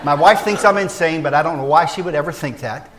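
Animated pastor with a high-set voice. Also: male voice, fast talker, some chatter behind. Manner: animated, swinging between loud emphasis and soft hushed asides; folksy and joking with the congregation. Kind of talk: sermon. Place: church.

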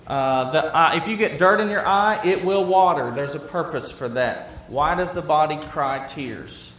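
Preaching at a moderate pace, a middle-aged man speaks conversationally in a fairly bright voice that runs slightly high for a male. His sermon piles up questions and echoes phrases for emphasis, while the room rings with echo over a faint ambient hum.

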